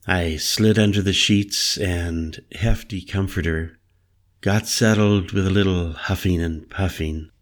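A man narrating a first-person story in a measured, introspective way. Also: low voice, fairly even intonation.

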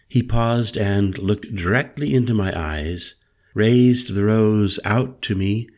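A man narrating a first-person story in a measured, calm storytelling manner. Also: lowish voice. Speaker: audiobook narrator.

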